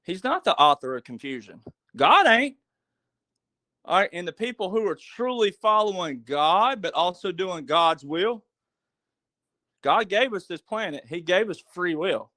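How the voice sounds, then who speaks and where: A man with a high voice talks in a folksy, preachy way and keeps asking his listeners questions. He sits close to the mic in a dry room with no echo. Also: expressive, measured pace, pushed and bright. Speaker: podcast guest. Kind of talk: casual storytelling monologue.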